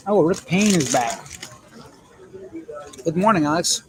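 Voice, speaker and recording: A Canadian man with a slightly high voice and lively intonation talks a little slowly on a low-quality phone live stream from an airport transit area. Reading viewer comments, he jokes and rambles candidly over busy crowd chatter and PA announcements.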